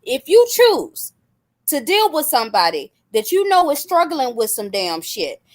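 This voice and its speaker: Brief: woman co-host, high voice, slow emphatic agreement. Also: very animated. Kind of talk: casual chat.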